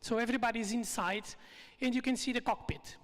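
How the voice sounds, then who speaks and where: Speaker, lively storytelling, mid-range pitch, echoing event hall. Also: a little fast. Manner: lively, non-native phrasing. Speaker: storyteller speaker at a retreat evening. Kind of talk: live storytelling talk. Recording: long reverb from a live hall.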